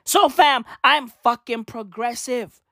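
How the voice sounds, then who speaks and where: A man's voice: very high voice, slow, vocal fry, pushed and bright, no room sound, clean studio sound. A man doing a profane comic rant, rambling and repetitive, mock-swaggering and constantly calling the listener bruv. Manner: rambling, repetitive, keeps saying bruv and right; swears heavily, mock-swaggering.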